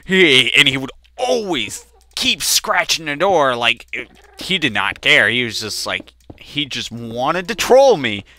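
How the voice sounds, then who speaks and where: Bright-voiced young man telling a story. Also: medium pitch, big pitch swings, unhurried. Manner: rambling storyteller, swears casually, jumps to loud outbursts. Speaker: gaming channel host. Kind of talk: casual let's play commentary.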